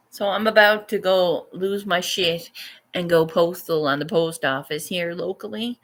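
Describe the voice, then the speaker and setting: A woman's voice: on the low side, a little slow, a bit bright. A Canadian woman artist vlogging casually, venting and swearing freely as she chats about her day. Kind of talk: casual chat.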